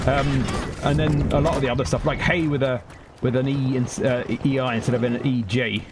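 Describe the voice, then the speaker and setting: A man's voice: mid-range voice, fairly even intonation, brisk, noisy background. A man streaming a game, chatting casually and rambling, swearing freely, laughing often and yelping when the action heats up. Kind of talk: casual chat while gaming.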